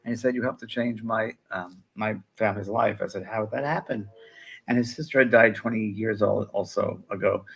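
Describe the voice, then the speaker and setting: A man's voice: on the low side, steady tone, brisk, vocal fry, slightly rough. A man in his sixties, co-hosting a live spiritual show, telling stories in a chatty way and acting out what people said. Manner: chatty storyteller, acts out quoted voices. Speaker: co-host, spiritual medium. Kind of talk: casual chat.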